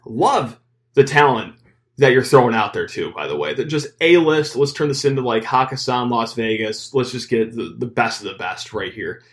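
A man hosting a casual sports podcast, talking in an energetic, joking way and reading ads. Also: mid-range voice, normal speed. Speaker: podcast host.

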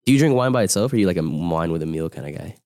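A man in casual podcast chat, joking and hyping things up with animated energy. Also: deep voice, very fast. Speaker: podcast co-host.

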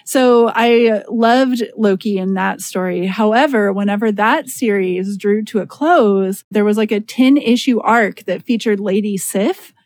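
A woman's voice: medium pitch, unhurried, few pauses, darkish tone, no echo, clean studio sound. A young woman hosting a podcast, chatting enthusiastically with many filler words as she recommends things. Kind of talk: casual chat.

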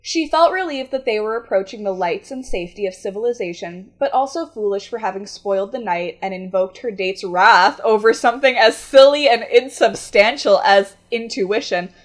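A woman's voice: medium pitch, moderate pace, hardly any pauses. A woman co-hosting a casual chat, reading a scary story aloud and breaking off for wry, joking asides.

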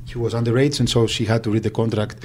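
Soft-toned man recalling. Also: mid-range voice, flat delivery, slight background noise. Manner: halting, searching for words. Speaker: agent. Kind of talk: interview recollection.

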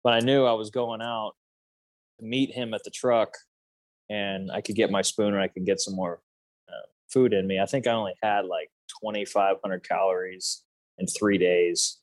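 A man's voice: lowish voice, steady tone, normal speed, no room sound. A man in his thirties casually telling a hunting story, rambling with many fillers and restarts. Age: 30s.

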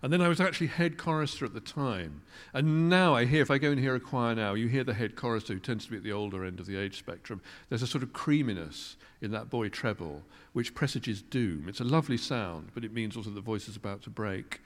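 A man's voice: mid-range voice, expressive, fairly quick, hardly any pauses. A man, a guest musician telling stories in a wry, articulate, self-deprecating way. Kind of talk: reflective storytelling interview. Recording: long reverb of a large hall.

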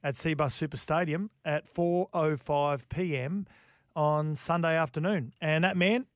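A man's voice: a little high, unhurried, dry recording, studio quality. A man with an Australian accent hosting a sports radio show, upbeat as he introduces guests. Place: radio studio.

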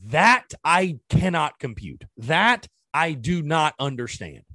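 A man's voice: a little high, sing-song, slow pace, sharp tone, no room sound, studio quality. Exasperated man ranting about sports. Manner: exasperated, ranting with rhetorical questions. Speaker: sports podcast host. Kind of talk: casual sports commentary.

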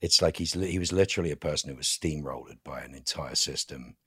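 A man with a very deep, husky voice talks as a podcast guest. He tells candid stories with a wry edge. The sound is dry and close. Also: quick pace, sharp tone, no echo. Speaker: guest actor. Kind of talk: casual interview chat. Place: podcast studio.

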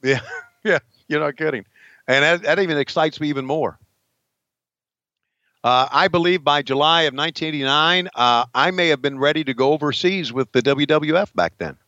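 Joking middle-aged podcast host, bright voice. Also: male voice, fairly high pitch, moderate pace, no echo, highs cut off. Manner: joking, laughs often. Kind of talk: casual watch-along chat.

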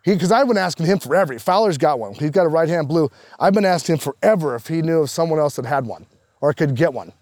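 A man, a professional golfer, guesting on a casual podcast, telling animated, profanity-laced stories. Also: fairly high pitch, quick pace, no room sound, clean studio sound.

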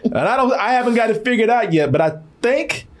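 A man's voice: very high-pitched, expressive, fairly quick. A man in casual banter, hosting a live stream, reading the chat aloud and teasing, laughing often. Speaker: stream host.

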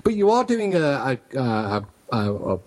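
A man's voice: medium pitch, sing-song, unhurried, a little mellow, poor audio. A man hosting a live internet radio show, joking and rambling with many restarts.

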